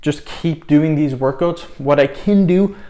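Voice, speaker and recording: A man's voice: fairly high pitch, unhurried, warm tone. A young man, a fitness vlogger, talking casually to the camera between sets, out of breath as he counts his reps. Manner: counts reps, breaks off to chat. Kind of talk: casual talk to camera during a workout.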